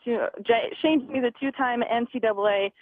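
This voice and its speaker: Brisk and on the high side, a woman in her twenties speaks as a fighter guest on a phone interview, with no echo on the tinny phone line. She chats along, laughing often and acting out conversations.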